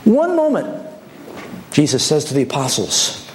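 A man's voice: mid-range voice, moderate pace, a little hiss or hum. A man preaching a sermon, telling stories and acting out the dialogue in changing voices. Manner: animated storytelling, acts out dialogue with shifting voices.

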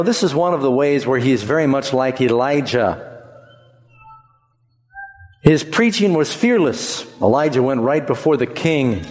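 Guy preaching a sermon, kinda high voice, lively and chatty, echo trailing off in a big hall. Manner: animated, conversational, leaps up in pitch for emphasis.

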